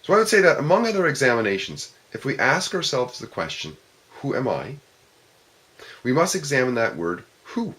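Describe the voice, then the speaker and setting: A man's voice: mid-range voice, big pitch swings, a little fast, a bit bright. A man giving an informal philosophical talk to a discussion group, reflecting step by step and posing questions to his listeners.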